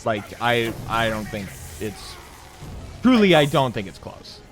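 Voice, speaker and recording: A man's voice: mid-range voice, big pitch swings, unhurried, faint music behind. A man chatting on a game stream, rambling loosely and swearing casually.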